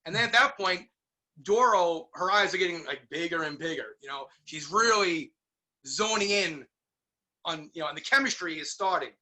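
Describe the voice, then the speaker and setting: A middle-aged man from New York telling stories in a casual interview, animated and acting out the voices of people he quotes. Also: fairly high pitch, moderate pace. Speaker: guest musician.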